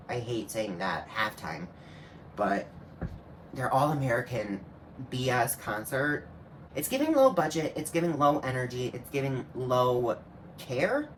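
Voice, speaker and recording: This man's voice is mid-range and fairly bright, with a faint hiss underneath throughout. Hosting a reaction video, he keeps up a casual, snarky commentary full of sassy, slangy asides.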